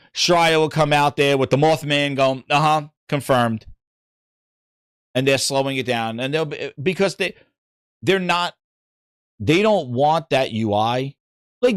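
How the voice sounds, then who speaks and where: A man in casual, ranting podcast chat, animated and exasperated, stumbling over restarts as he piles on complaints. His voice sits a bit high for a man. The sound is dry and close, with no room in it. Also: dry recording. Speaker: gaming podcast host.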